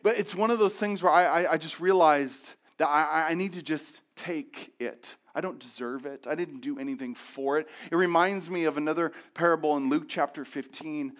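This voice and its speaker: A man's voice: fairly high pitch, moderate pace, hardly any pauses. A young man preaching a sermon, telling stories and acting out the voices of the people in them with sudden jumps up and down. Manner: animated storytelling, acting out quotes in raised voices. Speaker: pastor.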